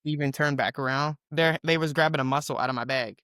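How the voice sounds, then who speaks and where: A woman from the Southern United States, co-hosting a podcast and telling stories in an animated, profane, chatty way. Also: low voice, fast, no room sound, studio quality. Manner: self-described yapper, animated and profane storytelling. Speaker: podcast co-host. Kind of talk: casual chat.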